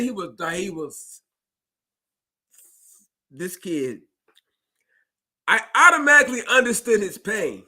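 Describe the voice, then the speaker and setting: A man who drives a school bus, casually telling a story to his listeners and acting out the dialogue with lively jumps in his voice. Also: slow pace, pauses often, slightly rough. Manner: animated, acts out dialogue with big pitch jumps; conversational, addresses listeners directly.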